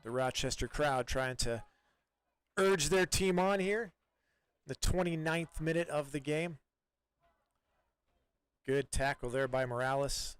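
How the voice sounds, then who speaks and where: A man doing live play-by-play soccer commentary in a relaxed, chatty way, with many fillers and restarts. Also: on the high side, slow pace, long pauses, smooth, no echo.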